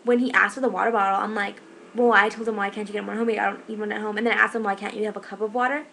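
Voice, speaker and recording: Young woman ranting fast on her vlog, lots of "like", bit of background hiss. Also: medium pitch, steady tone, vocal fry, sharp tone, rough recording. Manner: fast, rambling, exasperated retelling with many "like"s. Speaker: shift manager. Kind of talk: casual vlog storytelling.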